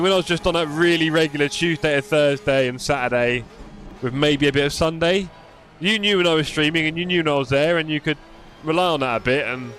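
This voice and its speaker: A man's voice: fairly high pitch, fairly bright tone. A young man live-streaming a racing game, chatting casually and answering his viewers by name with self-deprecating humor.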